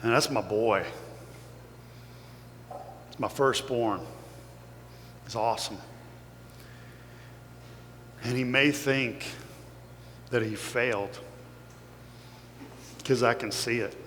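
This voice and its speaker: A man's voice: mid-range voice, slow pace, pauses often, fairly bright tone. A man from Kentucky with a Kentucky accent, giving an earnest, emotional motivational talk to an audience. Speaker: guest speaker. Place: large hall with audience. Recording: echoey hall with faint hum.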